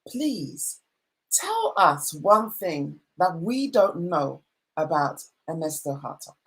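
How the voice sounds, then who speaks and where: A woman with a fairly low voice hosts an online event over a video call. She gushes about her guests and stacks up repeated words for emphasis. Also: sing-song, slow, rough recording. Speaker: host. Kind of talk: casual online event hosting.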